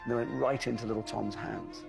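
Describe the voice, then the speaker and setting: A man, an actor, recalls filming in animated storytelling and acts out the quotes. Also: fairly low pitch, quick pace, creaky, music in the background. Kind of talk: anecdotal storytelling with quoted dialogue.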